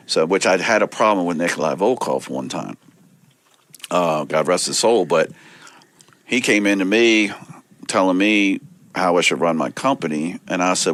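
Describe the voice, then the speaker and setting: A deep-voiced man talking casually as a guest, telling animated stories and acting out other people's lines. The sound is dry and close. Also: normal speed, no room sound. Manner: animated, acts out quoted people. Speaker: wrestling promoter, guest. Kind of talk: casual storytelling.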